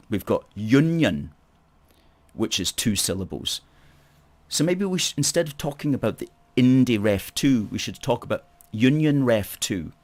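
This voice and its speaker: Male host, middle-aged, low-pitched, emphatic and repetitive political monologue. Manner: emphatic, repeats key phrases, rhetorical "okay?". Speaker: campaign group host.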